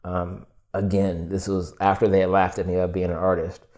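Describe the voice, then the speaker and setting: A young man telling his story as a podcast guest, casual and animated, swearing and acting out quoted lines with lots of "like". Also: deep voice, a little fast. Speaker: podcast guest, furniture designer.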